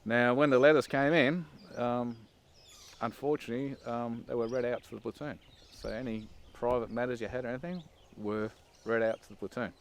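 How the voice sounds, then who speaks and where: A man of medium pitch talks briskly with fairly even intonation as he recalls his days as an army recruit. The documentary interview is casual and wry, his recollections dotted with "um"s and "and"s.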